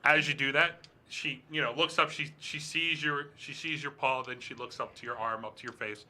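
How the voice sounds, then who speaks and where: Male game master, very bright tone, rambling and halting delivery. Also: medium pitch, steady tone. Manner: rambling, halting narration with many fillers. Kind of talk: narrating a tabletop game.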